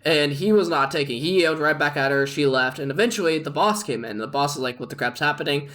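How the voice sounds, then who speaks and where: A man's voice: a little high, quick pace. A young man vlogging, rambling through a work story with lots of fillers and laughter. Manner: rambling, animated retelling with frequent fillers and laughs. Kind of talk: casual storytelling.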